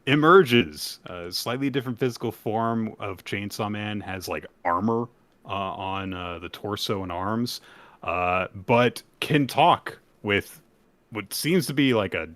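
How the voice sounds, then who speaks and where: A man co-hosting a casual podcast, retelling comic chapters with animated energy and acted-out quotes. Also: fairly low pitch, unhurried, no room sound. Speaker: podcast co-host. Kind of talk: casual chat recapping manga.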